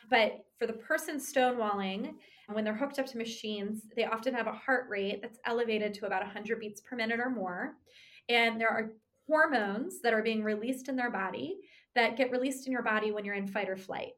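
A woman with a fairly high voice explains relationship ideas as a therapist. Her delivery is conversational and animated. She keeps drawing the listener in with quick "right?" tags. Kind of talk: explanatory talk on couples communication.

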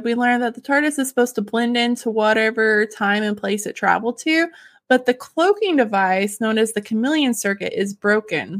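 Woman, high voice, giggly, enthusiastic, casual podcast chat, fun facts. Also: a bit bright. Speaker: podcast host.

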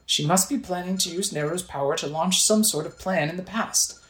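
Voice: medium pitch, fairly quick, a bit bright, reverberant, voice pushed up, natural voice, poor audio. A game player voicing a weakened, wise older woman from a video game who speaks earnestly and asks for help. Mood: weary.

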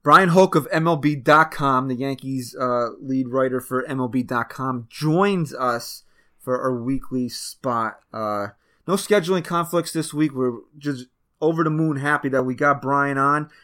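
A man's voice: medium pitch, a little slow, a bit bright. A man co-hosting a casual sports podcast, teasing and laid-back. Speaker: podcast co-host. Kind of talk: casual sports talk banter.

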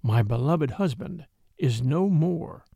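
A man voicing a grieving elderly widow in a storybook reading, speaking low, slow and solemn. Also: animated, vocal fry, dark tone, breathy edge, no room sound, clean studio sound, full character voice. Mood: solemn grief.

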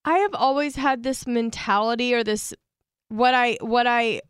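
A woman's voice: on the high side, moderate pace, clear, resonant tone, dry recording, studio quality. A young woman co-hosting a podcast, chatting casually with lots of "um" fillers. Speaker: podcast co-host. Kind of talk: casual podcast chat with ad read.

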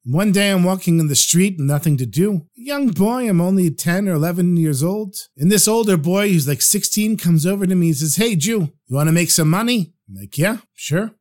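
A man's voice: high voice, animated, brisk, few pauses, a little mellow. A man doing an earnest repentant thief. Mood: pleading. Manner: pleading, heartfelt confession.

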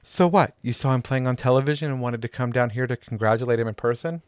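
A man reading aloud, voicing a fierce, protective mother who answers with sharp, sarcastic retorts. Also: lowish voice, very animated, fairly quick, dry recording, studio quality. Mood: annoyed.

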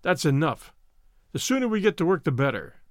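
Guy doing a mean surly gang boss, gruff, barks orders, bouncy up-and-down pitch. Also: sing-song, fairly quick, dry recording, clean studio sound. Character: surly brutal male gang leader.

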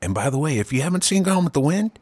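Husky, animated storytelling man. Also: a little high, very fast, dry recording. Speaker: podcast co-host. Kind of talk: casual chat.

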